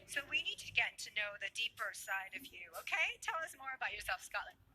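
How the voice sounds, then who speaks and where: A woman's voice: medium pitch, sing-song, a little fast, sharp tone, slight background noise, poor audio. A woman hosting a live beauty pageant on stage, playful and teasing as she switches between languages. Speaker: pageant host.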